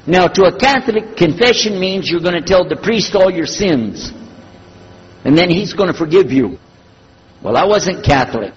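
An older man telling a story from his years as a preacher, husky and animated, acting out the dialogue. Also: sits high, normal speed. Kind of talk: storytelling talk. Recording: lo-fi recording in a reverberant hall.

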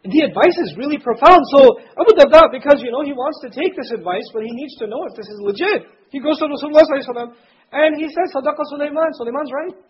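A man's voice: very high voice, animated, rapid-fire. A man giving a conversational religious lecture to students, explaining scripture terms in plain everyday speech. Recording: dull lo-fi recording with faint noise.

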